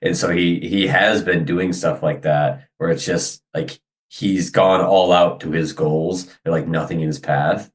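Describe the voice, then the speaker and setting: A man's voice: deep voice, steady tone, a little slow. A man playing in a tabletop game, explaining his character's feelings in a rambling, casual way full of fillers. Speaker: player.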